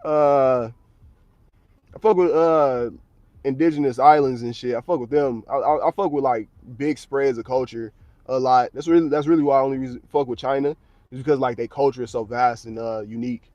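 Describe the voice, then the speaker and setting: A man's voice: mid-range voice, steady tone, brisk, darkish tone, no echo, highs cut off. An American man livestreaming from his parked car at work, chatting casually in a blunt, slang-heavy, profane way. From United States.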